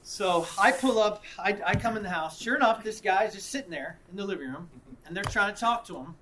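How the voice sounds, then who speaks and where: A man preaching, mixing reflection with an animated story in which he acts out the people involved. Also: high-pitched, brisk, slight background noise. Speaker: pastor. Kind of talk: sermon with storytelling.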